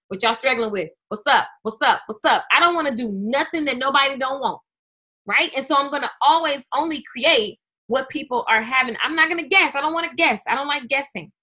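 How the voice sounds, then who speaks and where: High bright-voiced woman coaching excitedly. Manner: energetic, chatty, talks straight to viewers. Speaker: business coach hosting a webinar. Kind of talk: live webinar talk.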